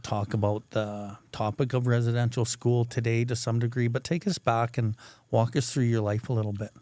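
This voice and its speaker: A man's voice: medium pitch, level tone, moderate pace, warm tone, dry recording. A man hosting a podcast, asking open interview questions and giving supportive "mm-hmm" backchannels. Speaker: podcast host.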